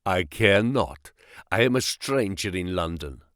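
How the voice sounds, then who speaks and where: A man doing a low, weary, defiant captive. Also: expressive, measured pace, fairly bright tone, no room sound, clean studio sound. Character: starving, defiant Greek male captive.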